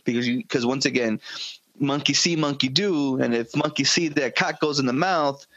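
A man's voice: mid-range voice, moderate pace, a bit bright, dry recording. A man co-hosting a podcast, rambling in crude, profane, joking banter. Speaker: podcast co-host. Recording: dry, slightly dull podcast audio.

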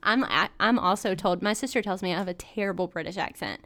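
A woman's voice: mid-range voice, fast talker, very noisy. A woman co-hosting a podcast in casual chat, playful and teasing as she asks questions. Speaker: podcast co-host.

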